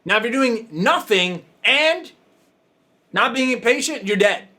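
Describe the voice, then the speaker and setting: A man's voice: extremely high pitch, expressive, slow, bright, forceful tone. A man hosting a coaching talk show, speaking casually and emphatically, repeating himself for effect and swearing freely. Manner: emphatic, repetitive, profane, laughing asides.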